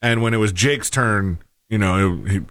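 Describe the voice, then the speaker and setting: A man's voice: lowish voice, normal speed, a bit bright, no room sound. A man co-hosting a casual chat show, speaking hesitantly with many restarts. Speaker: podcast co-host.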